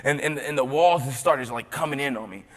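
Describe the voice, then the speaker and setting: A young man from Tennessee, giving a motivational keynote as a storyteller. He swings from loud to hushed and often repeats his words. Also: mid-range voice, a little fast. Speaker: motivational speaker. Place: large conference hall. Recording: long hall reverb.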